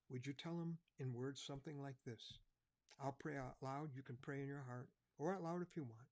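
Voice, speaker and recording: A man preaching an evangelistic sermon, earnest, dropping to a soft, quiet voice at key points. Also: mid-range voice, normal speed.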